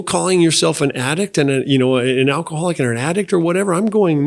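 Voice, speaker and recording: A man's voice: on the high side, fast, gravelly. A man hosting an interview as a mission director, speaking in an earnest, impassioned conversational way. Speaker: host, director of a residential rescue mission.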